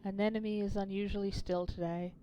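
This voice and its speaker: A woman's voice: mid-range voice, little pitch movement, brisk, mellow, dull audio, slight background noise. A woman streamer reading a narrative game aloud, with wry, swearing asides to her chat. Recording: game music behind voice.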